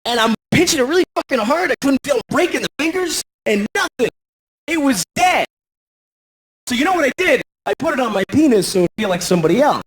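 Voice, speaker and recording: A man's voice: very animated, a little fast, slight background noise. An American man doing a crude, self-deprecating stand-up comedy routine, acting out voices. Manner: crude, self-deprecating, acts out voices with big pitch swings.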